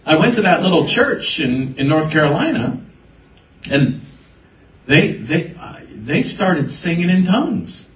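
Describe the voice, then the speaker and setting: Far from the mic, a man with a voice on the high side speaks unhurriedly, his sound carrying a roomy echo. His sermon is a personal testimony, told as a story with animated quotes from the people involved.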